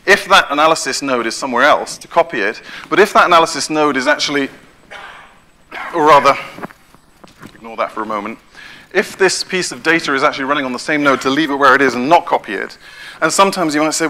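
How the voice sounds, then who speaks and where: A man giving a technical conference talk, briskly explaining with frequent self-corrections while pointing at his slides. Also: on the high side, lively intonation, sharp tone. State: out of breath. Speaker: conference speaker.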